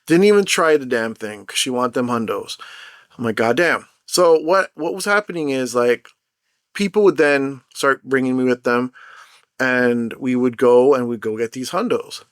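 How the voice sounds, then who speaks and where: A young man ranting in an unscripted vlog, telling his story in a rambling, animated and profane way. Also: medium pitch, moderate pace, clean tone, no room sound, clean studio sound. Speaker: mobile game content creator.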